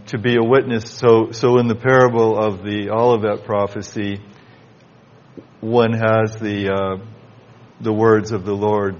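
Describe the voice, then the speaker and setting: A man preaching a Bible exposition sermon, reading scripture aloud in measured King James wording. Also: lowish voice, highs cut off.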